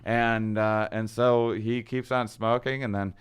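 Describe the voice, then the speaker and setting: A man's voice: fairly low pitch, steady tone, unhurried, clear, resonant tone. A man telling a long story in casual conversation, acting out quoted lines and laughing often. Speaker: podcast guest.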